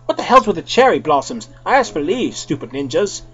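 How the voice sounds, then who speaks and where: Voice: mid-range voice, big pitch swings, fairly quick, breathy edge, dull audio, faint music behind. A reader doing a flustered scatterbrained author. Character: scatterbrained, foul-mouthed story author. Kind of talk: comic fan-fiction reading.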